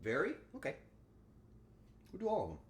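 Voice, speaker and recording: Male streamer, lively pitch swings, crude joking banter with chat, echoey room with faint background hum. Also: a little fast. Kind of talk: casual livestream chat while cooking.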